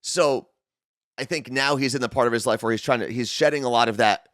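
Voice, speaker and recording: A young adult man co-hosting a podcast, relaxed and chatty, reading out listener comments. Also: medium pitch, a little fast, no room sound, studio quality. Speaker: podcast co-host. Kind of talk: casual chat.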